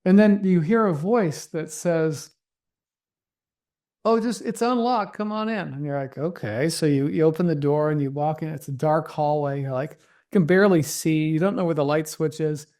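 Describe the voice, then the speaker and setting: Teaching a group about the nervous system and stories, this trauma-recovery therapist walks them through an imagined scene, often restarting and voicing inner thoughts aloud in a conversational style. He speaks at normal speed in a mellow voice on the high side.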